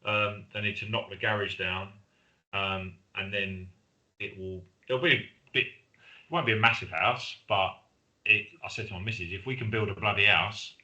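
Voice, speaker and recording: A middle-aged Englishman with a low, very bright and forceful voice, talking casually as a podcast co-host. He rambles through stories and acts out what friends said to him. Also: fairly even intonation, moderate pace, rough recording. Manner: chatty storyteller, acts out quoted friends. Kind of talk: casual chat.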